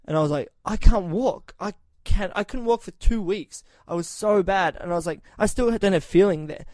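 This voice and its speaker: A podcast host with a high-pitched voice talks a little fast in an echo-free recording. His casual chat features a long, profane story in which he animatedly imitates the people involved.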